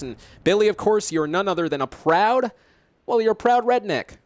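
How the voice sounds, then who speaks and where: A man's voice: sits high, animated, normal speed, darkish tone, dry recording. A man hosting and commentating a gaming show in a hype announcer style, teasing his guest. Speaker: host and commentator.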